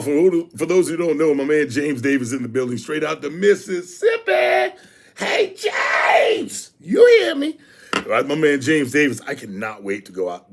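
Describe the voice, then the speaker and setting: Guy hosting a youth football stream, swings his pitch all over, gravelly voice, repeats stuff a lot. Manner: animated, shouts out viewers by name; repeats phrases for emphasis. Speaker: host of a youth sports show. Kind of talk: casual live-stream chat.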